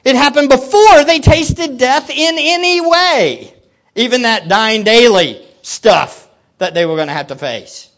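A preacher giving a sermon, swinging from hushed low teaching to loud excited exclamations and putting questions to the listeners. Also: measured pace, lo-fi sound. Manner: asks the audience questions.

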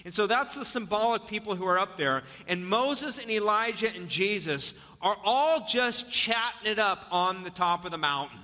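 High, bright pastor in a reverberant hall. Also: male voice, moderate pace, few pauses. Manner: animated storytelling, dropping to soft urging. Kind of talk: sermon. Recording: long reverb of a church hall.

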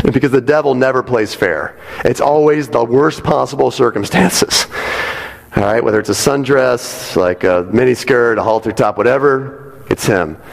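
A male pastor preaches in an easy, conversational manner, checking in with his listeners as he goes. His mid-pitched voice has a gravelly edge. It carries a long reverb from the church sanctuary. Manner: conversational, asks the congregation "right?". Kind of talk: sermon. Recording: long reverb of a large hall.

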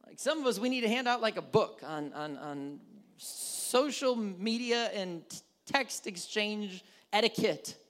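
A male pastor giving a relaxed, conversational sermon. His pitch swings widely as he talks, and he slips into short acted-out exchanges in different tones. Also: unhurried, hardly any pauses. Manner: animated, acts out little dialogues with shifting tones.

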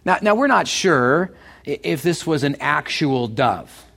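A middle-aged man preaching a sermon as pastor, animated and excitable, often stumbling and repeating words. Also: fairly high pitch, a little slow, gravelly. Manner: animated, builds to excited bursts.

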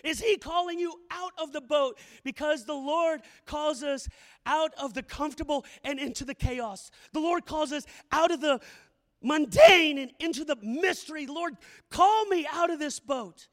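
Fervent male preacher, very high voice, hushed-to-shouting delivery, long reverberant hall. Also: moderate pace. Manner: impassioned, swings from hushed to shouted prayer. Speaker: campus missionary preacher. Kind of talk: sermon.

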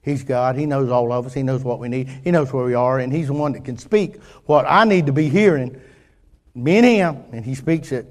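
A man preaching a sermon in an earnest, halting way, often restarting his sentences and swinging between loud and quiet. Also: mid-range voice. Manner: earnest, halting with many restarts, rising and falling in intensity. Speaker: pastor.

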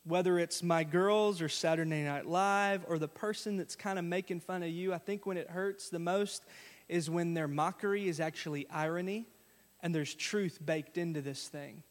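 High-voiced male pastor preaching. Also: steady tone, normal speed, long reverb tail. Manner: conversational, storytelling, asks the crowd questions. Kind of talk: sermon. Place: church sanctuary.

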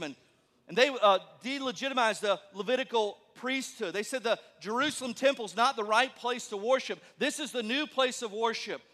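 A man preaching a sermon as a pastor, animated, acting out the voices of the people he quotes. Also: extremely high pitch, normal speed, long reverb tail.

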